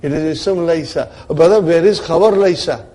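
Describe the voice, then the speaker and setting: A man teaching a grammar lesson in a somewhat high, mellow voice. He walks his students through each point with rhetorical questions and keeps checking that they are following him. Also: moderate pace. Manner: checks in often with "are you with me" and "brother"; explains step by step with rhetorical questions. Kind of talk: classroom lecture.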